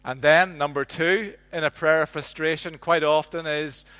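A man preaching a sermon, telling the story with lively ups and downs and dropping to a hush for quiet lines. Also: a little high, normal speed, clean tone. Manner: animated storytelling, drops to a hush on quotes. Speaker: pastor.

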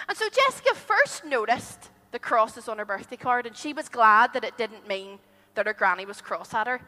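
Bright, high-voiced woman telling children a story. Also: normal speed. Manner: animated, asks children questions. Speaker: children's storyteller at a church holiday club. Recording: long hall reverb.

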